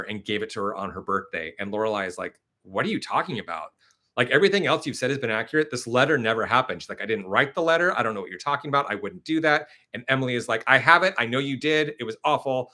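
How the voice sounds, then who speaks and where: Male live-stream host with a bright, forceful tone. He chats casually and tells stories with lots of fillers. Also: on the low side. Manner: chatty, animated storytelling with many fillers; reads and answers viewer comments.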